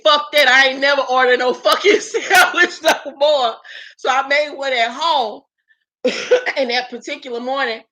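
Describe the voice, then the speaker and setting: A woman's voice: on the high side, pushed and bright, poor audio. A woman vlogger telling a casual storytime, slangy and profane, often laughing as she talks and quoting her own thoughts. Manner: quotes herself in her inner voice.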